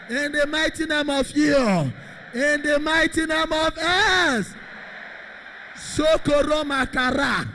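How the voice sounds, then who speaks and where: A man, a Catholic priest, leading prayer with shouted, repetitive declarations. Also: very high voice, gravelly. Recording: long hall reverb.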